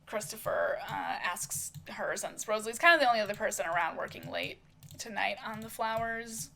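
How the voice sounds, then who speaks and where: A woman's voice: mid-range voice, lively intonation, normal speed, sharp tone. A woman casually narrating a soap opera story, rambling with many fillers. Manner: rambling, full of fillers and hedges.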